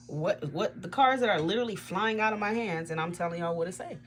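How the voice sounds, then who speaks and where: Brisk and foul-mouthed, this tarot reader chats on her livestream with blunt candor, frequent laughter, and abrupt jumps up in pitch. There's slight background noise.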